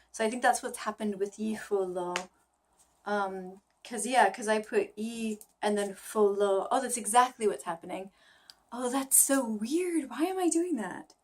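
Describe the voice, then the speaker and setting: Woman vlogger, tired, thinking aloud, halting and self-questioning, mid-pitched voice. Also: darkish tone. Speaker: language learner vlogger. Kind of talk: casual thinking-aloud vlog.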